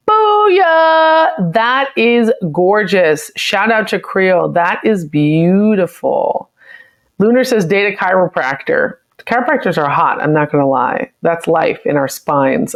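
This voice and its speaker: A woman's voice: medium pitch, expressive, takes it slowly. An American woman hosting a live stream, reading viewer comments aloud and reacting to them in a chatty, opinionated way. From United States. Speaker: livestream host.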